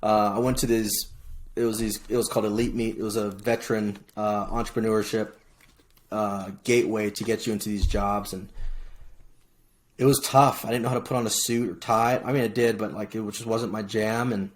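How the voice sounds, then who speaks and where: A middle-aged man from Hawaii, a podcast guest telling his story in casual, lively chat, often restarting phrases. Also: fairly low pitch, normal speed. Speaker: podcast guest, military veteran.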